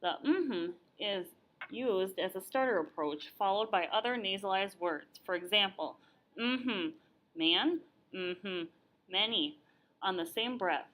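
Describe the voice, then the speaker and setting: A young woman reading therapy procedure steps aloud in an even, read-aloud manner. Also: medium pitch, takes it slowly. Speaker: student playing a therapy client and narrating steps. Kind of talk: scripted lesson narration.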